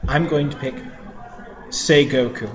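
A man's voice: mid-range voice, steady tone, a little slow, slight background noise. A man hosting a live fan-fiction reading for an audience, speaking in a formal, mock-pompous way. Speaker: panel host. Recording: long hall reverb, dull sound.

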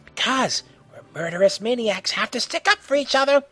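A man doing a maniacal fox clown villain, wheedling and sneering, husky, jumpy pitch. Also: animated, moderate pace, pushed and bright, dry recording, faint music behind, heavily acted. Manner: sneering, wheedling, sometimes whispery. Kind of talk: amateur audio story reading.

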